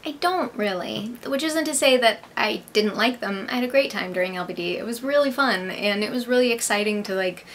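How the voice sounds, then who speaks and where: A woman's voice: mid-range voice, fairly quick, hardly any pauses, fairly bright tone, slight background noise. A young American woman, an actress, hosting her own vlog and chatting casually as she answers viewers' questions, upbeat and full of "like". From United States. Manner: chatty and upbeat, with frequent "like" and "I believe".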